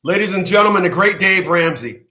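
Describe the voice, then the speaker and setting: A man on his own channel delivers a fiery commentary rant. His voice sits high and comes across bright. He hammers his points, often breaking into laughter and saying things again and again. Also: animated, fairly quick, rough recording. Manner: loud, emphatic, laughs often, repeats himself. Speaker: channel host.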